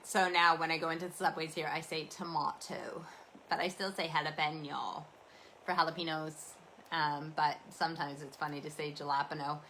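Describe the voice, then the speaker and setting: A woman's voice: deep voice, level tone, normal speed, sharp tone, a little hiss or hum, low-quality recording. A Canadian woman hosting a casual rambling chat, talking in a meandering, chatty, self-deprecating way. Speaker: host.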